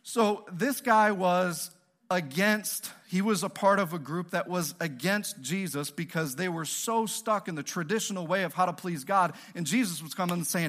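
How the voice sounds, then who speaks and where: A male pastor preaching a sermon in an animated, joking, conversational way, often asking the audience questions. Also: high voice, moderate pace.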